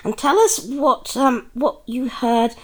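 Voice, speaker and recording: A woman's voice: on the high side, takes it slowly, a little mellow. A woman playing a mother in a role-play, fussing and teasing in a motherly way.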